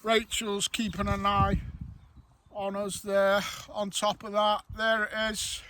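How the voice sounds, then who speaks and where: A man's voice: high-pitched, completely flat delivery, takes it slowly, bright, forceful tone, low-quality recording. A middle-aged man chatting jokily to viewers while out metal detecting in farm fields. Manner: jokey, rambling, addresses viewers. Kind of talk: casual chat to camera.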